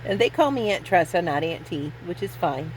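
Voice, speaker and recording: A woman's voice: lowish voice, animated, moderate pace, a little mellow, slight background noise, rough recording. A woman in her fifties telling rambling personal stories in a casual vlog, self-deprecating and laughing often. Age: 50s. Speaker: vlogger.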